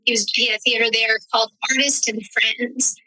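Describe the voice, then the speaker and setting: Woman guest on a studio podcast, high, very bright tone, reflective storyteller. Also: flat delivery, brisk, poor audio. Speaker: actress, writer and director guest. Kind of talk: podcast interview.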